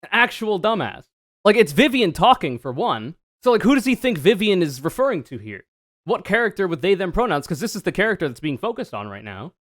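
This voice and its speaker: A sarcastic man reacting to a video on stream, his pitch leaping all over as he mocks and swears. His voice sits a little on the high side for a man, casual and quick to riff. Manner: sarcastic, animated, swears freely.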